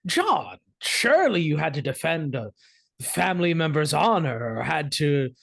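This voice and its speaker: A player doing a brusque, old-fashioned gentleman with clipped speech, delivered slowly with lively swings in pitch. The sound is dry and close. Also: gravelly, dry recording, heavily acted. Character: older British gentleman Sir Atticus, blunt. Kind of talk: tabletop role-play.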